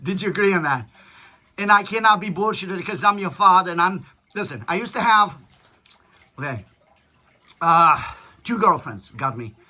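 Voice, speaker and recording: A man with a high-pitched, bright, forceful voice holds forth in casual chat. He lectures his daughter bluntly, peppering his stories with profanity. He sounds sure of every point he makes. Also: animated, moderate pace, pauses often. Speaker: father talking with his daughter.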